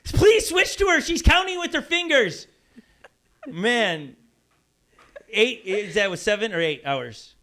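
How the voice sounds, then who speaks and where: A man's voice: high-pitched, lively intonation, slow, pauses often, bright, forceful tone. A man hosting a live podcast in casual chat, joking, teasing and rambling. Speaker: podcast host.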